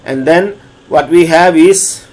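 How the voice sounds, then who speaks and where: A man lecturing on differential calculus, walking through each step slowly and repeating phrases as he explains. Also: a little high, darkish tone. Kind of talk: recorded math lecture.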